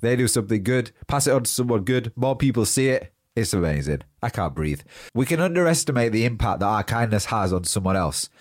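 A man's voice: mid-range voice, quick pace, few pauses, no echo, clean studio sound. A young man hosting a motivational podcast with a badly blocked nose, sounding nasal and short of breath but upbeat and encouraging. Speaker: podcast host. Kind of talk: solo motivational podcast talk.

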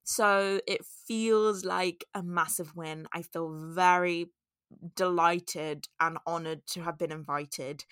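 A woman's voice: on the low side, fairly even intonation, takes it slowly, fairly bright tone, no room sound, studio quality. A woman hosting her own podcast, talking chattily and with feeling to her listeners. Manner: emotional, grateful, chatty. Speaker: podcast host. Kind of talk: solo podcast talk.

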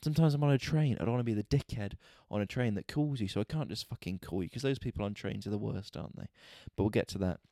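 A man hosting a podcast, telling a story in an exasperated, sweary, animated rant. He is a stand-up comedian talking casually. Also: fairly low pitch, fast, hardly any pauses, no echo, clean studio sound. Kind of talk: casual ranting monologue.

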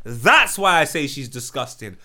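A man's voice: mid-range voice, sing-song, a little slow, pushed and bright. A man hosting a podcast, commenting bluntly and mockingly on online clips. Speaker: podcast host.

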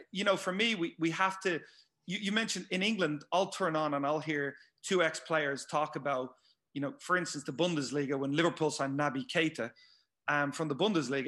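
A man's voice: a little high, pushed and bright. A man appearing as a guest pundit, arguing emphatically in casual chat and often repeating words.

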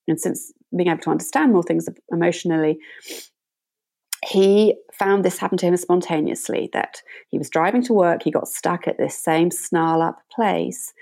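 Gravelly-voiced woman meditation teacher. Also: on the low side. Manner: gentle, reflective, unhurried. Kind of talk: conversational interview storytelling.

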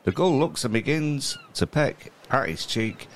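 A man's voice: mid-range voice, lively intonation, unhurried, a little hiss or hum. A man co-hosting a casual comedy podcast, rambling and reading a news story aloud with wry asides. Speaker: podcast co-host.

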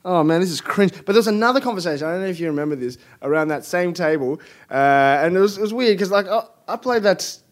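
Australian man with a high voice, laughing comedian on a casual podcast. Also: expressive. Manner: laughing, jokey, quick reactions. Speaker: actor and comedian.

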